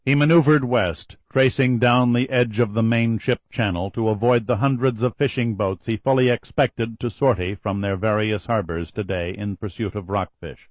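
Low-voiced man narrating a novel. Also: moderate pace, dry recording, highs cut off. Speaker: audiobook narrator. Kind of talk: scripted narration.

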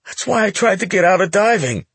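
Brief: frightened teen boy, stammering, voiced much higher by a husky-voiced male narrator. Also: lively intonation, a bit bright, no echo, full character voice. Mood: nervous. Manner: stammering, nervous and hurried. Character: scared, bloodied teenage boy, a river diver.

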